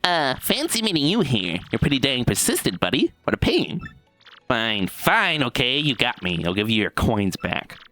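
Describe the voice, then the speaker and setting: A man's voice: medium pitch, wildly swooping pitch, moderate pace, sharp tone, faint music behind. Man playing a sneaky cartoon bandit guy, bouncy voice that swoops up and down. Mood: grudging. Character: sly cartoonish male thief.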